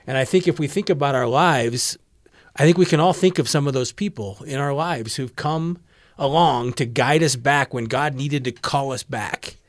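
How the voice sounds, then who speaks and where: A man's voice: mid-range voice, moderate pace, no echo, studio quality. A man co-hosting a faith discussion, relating his own experiences in a conversational, anecdotal way.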